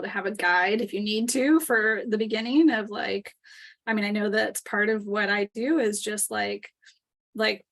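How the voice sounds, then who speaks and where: Gravelly-voiced woman host chatting candidly. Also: mid-range voice, fairly bright tone. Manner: candid, laughs often, loose and chatty with swearing. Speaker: podcast host. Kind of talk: casual conversation.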